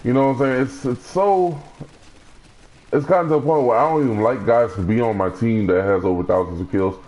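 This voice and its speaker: A man's voice: mid-range voice, a little fast, a little mellow, rough recording. A young man talking casually about a video game he plays, rambling with many restarts and fillers. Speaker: gaming streamer. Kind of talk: casual gaming commentary.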